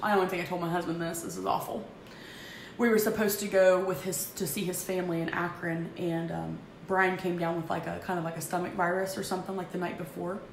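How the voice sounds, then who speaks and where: A woman in her thirties candidly confessing her struggles in a halting, emotional vlog, with frequent restarts. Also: on the low side, flat delivery, vocal fry. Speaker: vlogger. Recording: echoey room with faint background noise.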